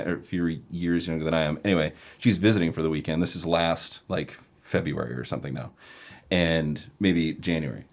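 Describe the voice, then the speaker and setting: Casting: a man with a very deep voice, a podcast host, lively and quick to laugh. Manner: animated storyteller, laughs easily. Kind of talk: casual podcast interview.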